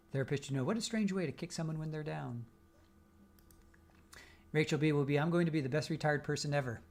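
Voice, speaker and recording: A man's voice: fairly high pitch, fairly quick, pauses often. A man hosting a live stream, casually reading out viewer comments with teasing jokes and frequent laughs. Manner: joking, teasing, laughs often. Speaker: livestream host.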